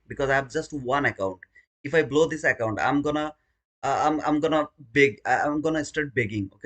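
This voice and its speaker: A man's voice: mid-range voice, fairly quick, a bit bright. A man streaming his day trading live, talking through the chart and alternately pleading with the market and scolding himself.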